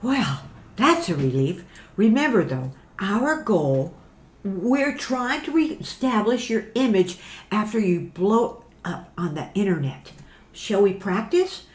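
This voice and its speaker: A woman voicing a brisk, businesslike promoter who pitches merchandise in an upbeat, salesy way. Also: very animated. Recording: roomy echo.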